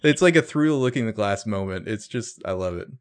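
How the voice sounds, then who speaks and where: A man's voice: on the low side, animated, fairly quick. A man co-hosting a casual podcast, discussing a TV episode with enthusiasm and mimicking characters. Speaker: podcast co-host. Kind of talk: casual TV episode recap chat.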